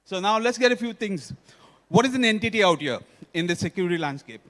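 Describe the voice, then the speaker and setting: A man's voice: sits high, lively intonation, fast talker, a bit bright. A man with an Indian accent giving a technical conference talk, often quizzing the audience. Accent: Indian English. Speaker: conference speaker. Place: conference hall stage. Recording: long reverb of a conference hall.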